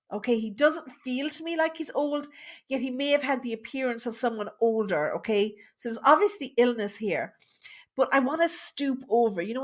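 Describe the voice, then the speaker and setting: A woman working as a medium, talking through a live reading with a caller in a chatty, reassuring way full of fillers. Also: a little high. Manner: chatty, reassuring, thinks aloud with many fillers.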